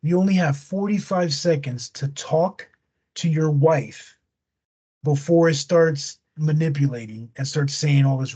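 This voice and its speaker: Podcast host, male, husky and a touch high, slangy storyteller, dull lo-fi capture. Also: darkish tone. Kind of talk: casual chat retelling a movie plot.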